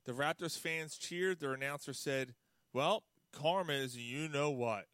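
A man's voice: fairly high pitch, unhurried, a bit bright, smooth, dry recording, studio quality. A man hosting a casual sports podcast, swearing and rambling in exasperation. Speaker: podcast host.

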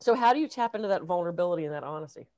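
A woman, a professional speaker, chatting casually; she is candid and a bit irreverent, and tells lively stories. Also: on the low side, very fast. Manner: lively storyteller acting out quotes. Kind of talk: casual conversation.

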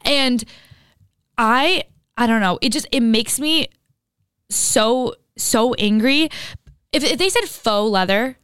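A woman's voice: on the high side, slow, pauses often, clean tone, no room sound. Ranting young woman podcast co-host. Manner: ranting, animated, swears, says "like" a lot. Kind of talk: casual chat.

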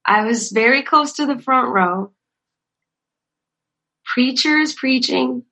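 A guest speaker, a young woman in ministry, talks slowly in a high-sitting voice on a low-quality recording. She tells amusing stories from church in a casual chat. Her delivery is animated, full of laughter, and she acts out quotes in a raised voice.

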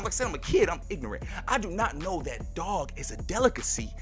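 A man hosting a podcast and telling a personal story in a lively, slangy way, talking straight to his listeners. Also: on the high side, quick pace, faint music behind. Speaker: podcast host.

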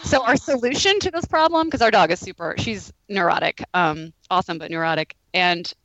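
A woman telling a lively story in casual podcast chat, laughing often. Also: lowish voice, brisk, no room sound, highs cut off.

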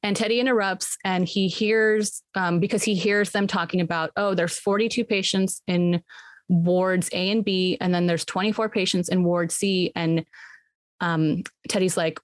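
A woman with a slightly low voice tells friends what happens in a movie, scene by scene. She drops in "like" and "um" all the time and acts out the characters' lines. The sound is dry and close, with no room echo. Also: steady tone, normal speed. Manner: retells scenes with quoted voices, lots of "like" and "um". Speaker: movie recapper. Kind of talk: casual movie recap among friends.

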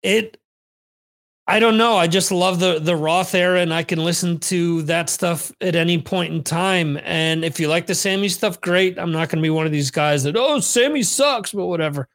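A man's voice: a little high, fairly even intonation, moderate pace, a bit bright. A man hosting a podcast, telling rambling stories in a casual monologue, often cursing. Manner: rambling, profane storytelling. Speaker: podcast host. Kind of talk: casual monologue, answering listener questions. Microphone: on camera, streamed video.

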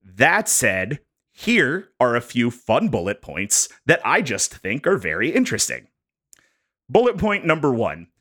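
A man on a podcast walking co-hosts through prepared bullet points in a jokey, animated way. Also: medium pitch, a little slow. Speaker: podcast host presenting research. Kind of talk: casual podcast chat.

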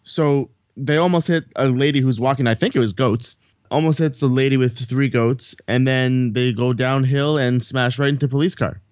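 A man chatting casually on a podcast, retelling a film in a loose, rambling way and putting on the characters' lines as he goes. His voice sits at an ordinary middle pitch. The recording is dry and a little dull, as if it went through a lo-fi chain. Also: steady tone, moderate pace, no echo. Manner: rambling, swears casually, acts out dialogue. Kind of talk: casual movie recap chat.

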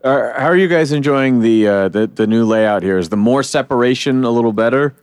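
A man's voice: medium pitch, brisk, clean tone, dry recording. A man hosting a casual podcast chat, talking loosely with swearing and acting out scenes. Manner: animated, swears, acts out comic scenes in voices. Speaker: podcast host.

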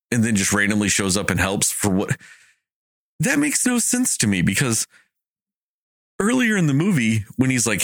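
A man talks casually and heatedly, his pitch leaping up and down as he vents. He swears freely and acts out bits of dialogue. The sound is close and dry. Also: no room sound. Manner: animated, exasperated ranting with swearing and quoted dialogue. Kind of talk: casual movie review chat.

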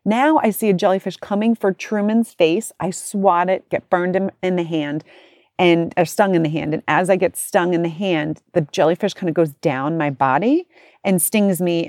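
Speaking at a normal pace, a woman in her forties chats through a casual story in a lowish voice, full of animation and impressions of other people. The recording is dry and close, with no echo and no room around it.

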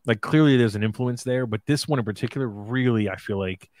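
A man's voice: mid-range voice, darkish tone, no echo. A man co-hosting a podcast, talking enthusiastically about films, often restarting his words. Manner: enthusiastic, fast, trips over words. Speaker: podcast co-host. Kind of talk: casual movie chat.

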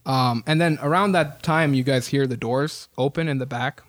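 A man's voice: medium pitch, moderate pace, no room sound. A man narrating as game master in a tabletop game, casual and rambling.

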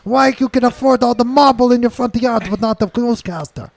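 Man playing a high, gravelly braggart with a cartoonish fake accent, comedy bit. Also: normal speed, a bit bright, dry recording. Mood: indignant. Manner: exaggerated fake broken-English accent, bragging. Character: brash Portuguese-American man from Rhode Island, boastful.

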